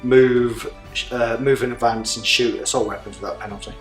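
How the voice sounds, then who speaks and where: A man explaining his moves in a tabletop wargame in a matter-of-fact way, slipping in deadpan jokes. His voice sits at a middling pitch. The studio is echoey, with faint music in the background. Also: a little fast. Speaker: guest player. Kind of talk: casual game commentary. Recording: roomy studio echo.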